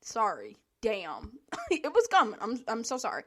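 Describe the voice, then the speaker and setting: Woman, solo podcast rant, blunt and profane, higher voice, lively swings in pitch. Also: a little slow. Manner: sighs and laughs between points. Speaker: podcast host.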